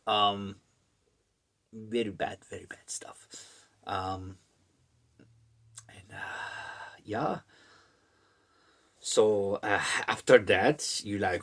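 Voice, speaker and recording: A man giving a comedic summary of a horror book, deadpan and in deliberately broken caveman-style English. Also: on the low side.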